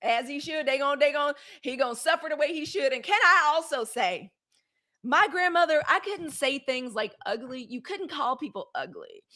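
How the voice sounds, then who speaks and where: A woman's voice: high-pitched, animated, normal speed, pushed and bright. A woman hosting a daily live news show, talking casually and bluntly to her viewers, chatty and outspoken with frank, profane rants. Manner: chatty, outspoken, addresses viewers as y'all and girl. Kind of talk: casual live-stream commentary.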